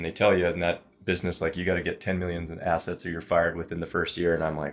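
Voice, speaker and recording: Low-voiced man telling stories. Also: quick pace, few pauses. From Saskatchewan, Canada. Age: 30s. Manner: animated storyteller, self-deprecating. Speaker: podcast guest, wealth advisor. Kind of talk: casual conversation.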